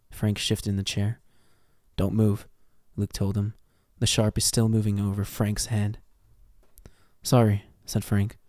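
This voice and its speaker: A man's voice: on the low side, completely flat delivery, unhurried, mellow, dry recording, studio quality. An American man reading a fan fiction story aloud on a stream, swearing freely and stumbling over words as he reads. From United States.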